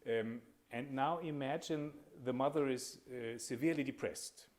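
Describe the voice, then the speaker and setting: A man giving an academic lecture as a panel speaker, measured and hesitant, with frequent pauses and fillers. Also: mid-range voice, a little mellow.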